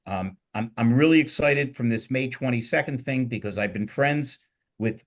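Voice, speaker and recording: A middle-aged man with a Philadelphia accent hosting a casual panel show, rambling and joking with energy. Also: medium pitch. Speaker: podcast host.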